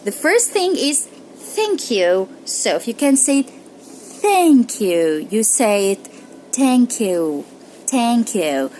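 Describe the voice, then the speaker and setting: Slow, lively woman teaching pronunciation. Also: on the high side, slight background noise, low-quality recording. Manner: slow, repeats example words with careful drills. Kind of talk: pronunciation lesson.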